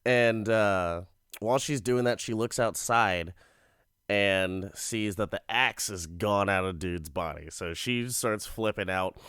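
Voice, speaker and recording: Male podcast host, loose and profane amused storytelling, smooth voice, dry close mic. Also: lowish voice, slow, fairly bright tone, dry recording. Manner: rambling, profane, amused storytelling with frequent laughs. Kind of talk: casual comedic episode recap.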